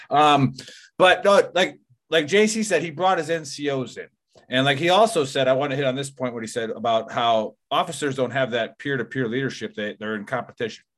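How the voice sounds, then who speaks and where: A man's voice: medium pitch, moderate pace, a bit bright. A man hosting a podcast in casual chat, rambling and profane, leaning on "like" and "you know". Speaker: podcast host.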